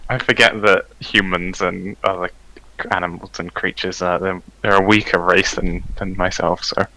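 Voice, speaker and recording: A man playing a tabletop game, excitable and quick to laugh. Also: low-pitched, poor audio. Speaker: player. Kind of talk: tabletop role-play.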